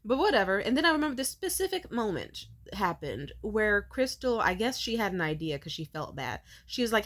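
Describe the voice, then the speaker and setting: Animated, cursing young woman ranting. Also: medium pitch, fairly quick, hardly any pauses. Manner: animated, profane, rambling. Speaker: vlogger. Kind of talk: ranting personal vent.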